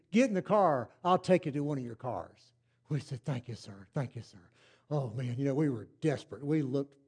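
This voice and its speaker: An older man telling his testimony in a sermon, moving from hushed storytelling to loud, fervent praise. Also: a little high. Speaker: preacher.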